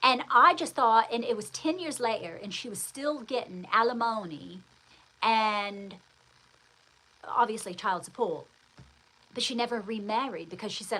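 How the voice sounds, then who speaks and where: A woman's voice: fairly high pitch, unhurried, pushed and bright, poor audio. A middle-aged woman hosting her own show, telling a personal story in a rambling, emphatic way with many restarts. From United States. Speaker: host.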